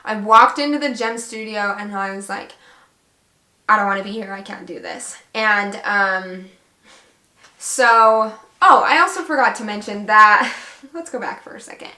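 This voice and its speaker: A young woman vlogger casually recounting a story, chatty and animated, acting out quoted dialogue. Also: mid-range voice, measured pace, reverberant.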